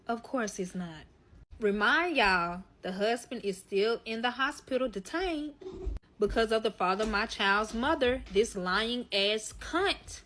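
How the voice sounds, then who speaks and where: A woman's voice: a little high, lively intonation, unhurried, fairly bright tone. A woman telling a personal story in a casual monologue, swearing a lot and talking straight to her listeners as y'all. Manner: profane, emphatic, addresses listeners as y'all.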